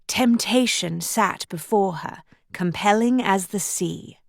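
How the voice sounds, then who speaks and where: A woman narrating an audiobook in measured, even storytelling, recorded on a studio microphone. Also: medium pitch, gravelly, no room sound. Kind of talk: scripted narration.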